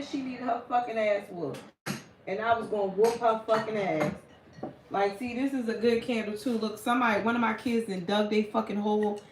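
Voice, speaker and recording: A woman tarot reader in casual late-night live chat, telling stories in a blunt, profane way. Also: mid-range voice. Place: room at home at night. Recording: echoey room with faint hum.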